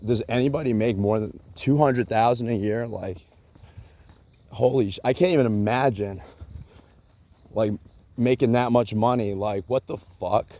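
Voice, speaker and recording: A man's voice: mid-range voice, a little slow, long pauses, mellow. A man in a rambling solo rant, agitated and profane, repeating himself with many fillers and bits of sarcasm.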